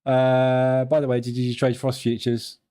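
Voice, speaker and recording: A man's voice: mid-range voice, completely flat delivery, unhurried, dark tone. A British man hosting a live trading stream, chatting and joking in a digressive way.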